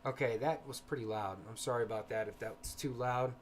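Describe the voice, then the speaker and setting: A man hosting a casual livestream, talking softly and hesitantly with frequent pauses and fillers, greeting chat viewers between stretches of explanation. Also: mid-range voice, fairly even intonation. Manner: soft-spoken, hesitant with many ums. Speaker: paranormal livestream host.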